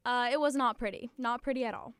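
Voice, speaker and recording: A teenage girl hosting a podcast in a chatty, confiding, upbeat way. Her voice sits a little high and sounds smooth and clear, recorded dry with no room sound. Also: steady tone, fast talker, a bit bright, no room sound. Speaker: podcast host. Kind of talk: scripted podcast monologue.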